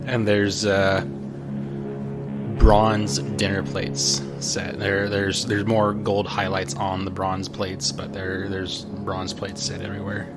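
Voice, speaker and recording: A man narrating as game master of a tabletop role-playing game, halting with restarts. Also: sits low, monotone. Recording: guitar music behind.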